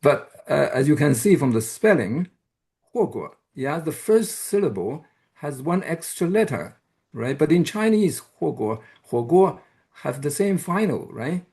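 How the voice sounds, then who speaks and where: A man giving an academic lecture who explains step by step, pauses often and checks in with the audience. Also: fairly high pitch, sing-song, darkish tone. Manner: hesitant, with frequent "uh" and restarts. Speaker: university lecturer.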